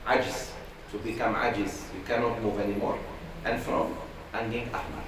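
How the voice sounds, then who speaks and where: A man's voice: on the low side, fairly even intonation, normal speed. A man teaching a religious class in a conversational way, acting out voices while telling stories. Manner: conversational, acts out quoted voices in a story. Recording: echoey room from far off, noisy.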